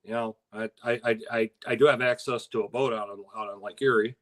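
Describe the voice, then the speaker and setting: A man's voice: medium pitch, steady tone, brisk, a bit bright. An older man co-hosting a casual talk stream, easygoing, with fillers and frequent laughs. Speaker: co-host. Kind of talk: casual chat.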